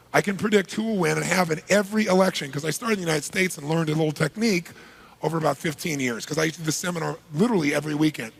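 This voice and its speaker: A man giving a live seminar talk to a large audience, energetic and punchy, polling the crowd with quick questions. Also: a little high. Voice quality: gravelly, husky. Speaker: seminar speaker.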